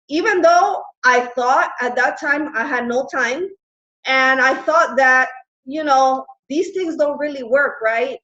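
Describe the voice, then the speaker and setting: A woman in her thirties, a fitness coach, telling her personal story earnestly and excitedly on a group call. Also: sits high. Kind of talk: recruiting talk on a group call. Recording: roomy, dull lo-fi call audio.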